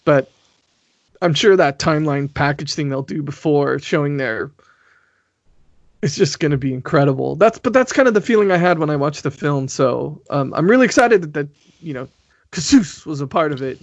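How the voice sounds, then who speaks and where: An American man hosting a relaxed podcast chat, his voice sitting a little high for a man. He rambles, laughs often and restarts his sentences. The sound is dry and a touch dull. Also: fairly quick, no room sound. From United States. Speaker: podcast host. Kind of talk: casual chat.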